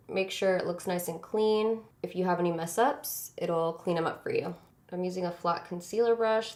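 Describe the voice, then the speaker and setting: Chatty woman in an echoey room. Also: medium pitch. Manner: chatty, close to the mirror, talking while applying makeup. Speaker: beauty vlogger. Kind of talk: casual makeup tutorial.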